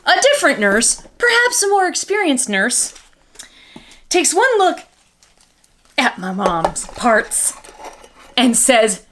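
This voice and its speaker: Woman vlogger, doll reviews, goofy rambling chat, bright tone. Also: high voice, sing-song, measured pace, pauses often, a little hiss or hum. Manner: chatty, goofy, rambling storytelling.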